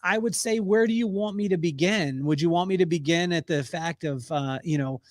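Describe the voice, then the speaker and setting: A middle-aged man with a high voice tells a story as a podcast guest. He is animated, laughs often and acts out the people he quotes. The sound is close and dry, with no room in it. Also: moderate pace, no room sound. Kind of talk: storytelling in a casual interview.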